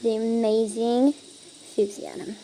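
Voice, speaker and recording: A woman's voice: fairly high pitch, level tone, a little slow, mellow, a little hiss or hum, poor audio. A woman casually reading online stories aloud, giggling often and breaking off into chatty asides. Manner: giggly, breaks off to laugh and ramble.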